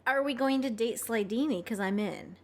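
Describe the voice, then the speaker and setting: A middle-aged woman co-hosting a podcast in casual chat, joking and quick with wisecracks. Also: fairly high pitch, slight background noise. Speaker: podcast co-host.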